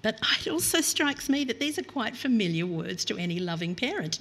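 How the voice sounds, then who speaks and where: A woman's voice: medium pitch, animated, brisk, few pauses, bright, forceful tone, slightly rough. A middle-aged woman preaching a reflective, earnest sermon and reading scripture aloud.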